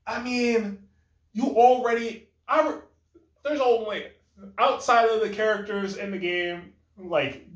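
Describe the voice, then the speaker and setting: A man's voice: high voice, a bit bright, echoey room. A man giving a casual, rambling critique of a video game. He often corrects himself mid-sentence and acts out imagined lines of dialogue. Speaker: gaming commentator.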